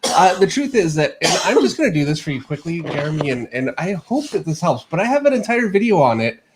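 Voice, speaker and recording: A man's voice: fairly high pitch, sing-song, fairly quick, noisy background. A middle-aged man hosting a casual livestream, laughing easily and explaining while he draws. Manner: easygoing, laughs often, explains while drawing. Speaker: host, artist. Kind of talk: casual livestream chat and drawing lesson.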